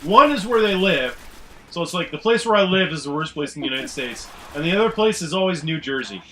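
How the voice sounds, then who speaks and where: A man's voice: a little high, expressive, brisk, fairly bright tone, slight background noise, rough recording. A man with a Canadian accent, chatting and rambling casually during a co-op game session over a headset. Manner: chatty and rambling, laughs easily. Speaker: gaming commentator. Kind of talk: casual co-op chat over gameplay.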